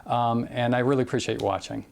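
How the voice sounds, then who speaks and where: Man, drum teacher, gravelly, mid-pitched, relaxed, counts beats aloud, lots of ums. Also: quick pace. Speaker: drum instructor. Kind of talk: casual drum lesson with counting.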